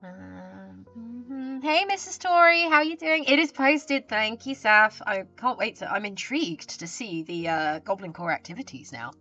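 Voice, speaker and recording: A woman's voice: mid-range voice, expressive, measured pace, few pauses, sharp tone, muffled recording, soft background music. A woman live streamer chatting casually with her viewers. She greets them and reads their messages aloud, talking into a desk mic with a pop filter.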